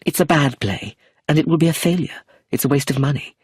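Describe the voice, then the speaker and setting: A man doing a calm, firm young woman. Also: a little high, fairly quick, breathy edge, no echo, clean studio sound, pitched above the performer's own voice. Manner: quiet, steady, decided.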